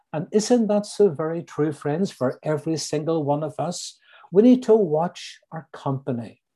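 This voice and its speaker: Slowly repeating his central lines to stress them, a middle-aged Northern Irish preacher speaks with his region's accent. The voice is slightly high, with a dark timbre.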